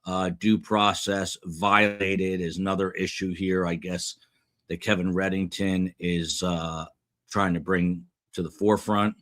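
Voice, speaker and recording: Middle-aged guy with a low voice, rambling through live chat, lots of ums, pokes fun at himself. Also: flat delivery, fairly bright tone. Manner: rambling, self-deprecating, halting with fillers. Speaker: livestream host reading chat comments. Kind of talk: casual live commentary.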